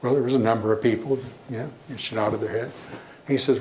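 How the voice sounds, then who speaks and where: Animated preacher in a roomy hall. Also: male voice, medium pitch, a little fast. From Tennessee. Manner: animated, acts out quoted people, varies pace. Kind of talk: sermon. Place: church.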